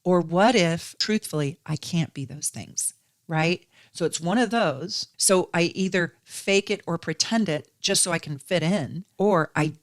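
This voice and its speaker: A woman's voice: on the low side, a little slow, no echo, studio quality. A woman in her sixties, an astrology host, teaching in an earnest, conversational way full of rhetorical questions. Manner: earnest, uses rhetorical questions and tag "right?".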